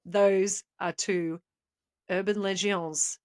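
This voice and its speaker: A woman's voice: mid-range voice, fairly even intonation, slow pace, dry recording. Aussie woman doing a podcast, playful mock-serious storytelling, dry close sound. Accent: Australian. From Australia. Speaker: podcast co-host.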